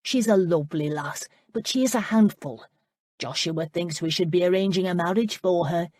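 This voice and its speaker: A woman's voice: on the low side, moderate pace, darkish tone, dry recording, lightly acted. A woman voicing a plain-spoken, motherly older village housekeeper. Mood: frank. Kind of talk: audiobook character voice.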